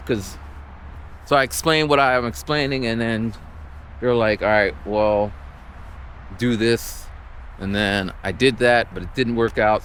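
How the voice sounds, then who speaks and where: A man ranting and telling a story while walking outdoors, exasperated and animated. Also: medium pitch, slight background noise. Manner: exasperated, animated, acts out the people he quotes. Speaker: vlogger.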